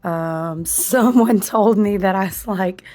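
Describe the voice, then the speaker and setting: A woman with a hoarse, husky voice that is still recovering, chatting casually to camera about her candle and ritual craft, peppering her talk with "y'all" and "listen.". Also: medium pitch, takes it slowly. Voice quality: husky, smoky-sounding. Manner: chatty, animated, says "y'all" and "listen" often. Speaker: candle and ritual tool maker.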